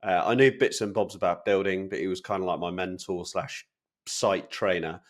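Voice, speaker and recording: A man's voice: low voice, steady tone, normal speed. A man co-hosting a property podcast from England, telling rambling anecdotes with lots of fillers. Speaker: podcast co-host. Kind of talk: casual chat.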